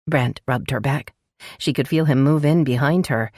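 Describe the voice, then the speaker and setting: A woman narrating a romance audiobook in an expressive, scripted style, close to the mic. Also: normal speed, no room sound. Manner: expressive, voices dialogue with sharp pitch jumps.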